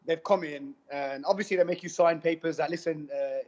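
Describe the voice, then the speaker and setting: Man telling his story, slangy and animated. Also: on the high side, fairly quick. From United Kingdom. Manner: animated, repeats himself, slangy with "bro" and "man". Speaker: interviewee giving a testimonial. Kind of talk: casual storytelling. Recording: dull lo-fi sound.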